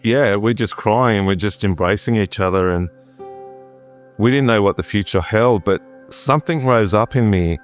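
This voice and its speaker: Deep-voiced man telling his story. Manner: animated, acts out quotes, chats with his wife. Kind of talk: conversational storytelling interview. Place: his home office.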